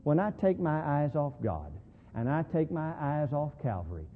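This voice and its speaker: A man preaching a sermon, moving between quiet talk and loud, slow emphasis on key words. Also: a little high, sing-song, a little hiss or hum. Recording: tinny phone-like sound in a reverberant hall.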